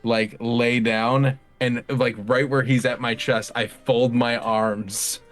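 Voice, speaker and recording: A man's voice: mid-range voice, little pitch movement, slow pace. A man playing at a tabletop game, talking in a loose, rambling style and drifting onto tangents. Faint music sits behind him. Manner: rambling, tangent-prone, laughing. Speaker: player. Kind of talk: casual game chat.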